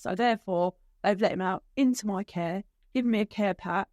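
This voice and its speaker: A middle-aged woman, a guest on a podcast, telling her story emotionally, with halting restarts. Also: medium pitch, a little mellow, no echo, studio quality. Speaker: guest, bereaved mother. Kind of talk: podcast conversation.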